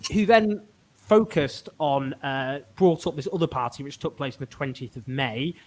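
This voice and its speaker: A man's voice: on the high side, moderate pace, darkish tone. A man hosting a political chat show, talking in an exasperated, rambling way with many restarts. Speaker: podcast host.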